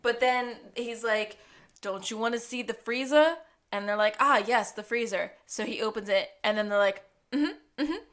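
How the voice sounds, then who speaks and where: A woman's voice: a little high, normal speed. A woman co-hosting a casual rewatch podcast, recapping scenes and acting out the characters' lines with lots of laughter. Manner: animated, acts out characters' lines while recapping, laughs often. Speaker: podcast co-host.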